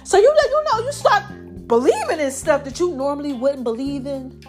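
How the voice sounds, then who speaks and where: Woman, high voice, slightly breathless, lively slangy preaching, faint music behind. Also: moderate pace. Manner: lively, preachy, slangy, calls herself Mama. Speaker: podcast host. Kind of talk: casual inspirational monologue.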